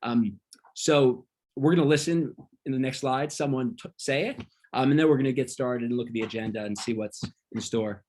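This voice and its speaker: A man leading a casual online wine class, talking through slides with a relaxed manner and frequent ums. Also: medium pitch, moderate pace. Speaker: wine workshop instructor.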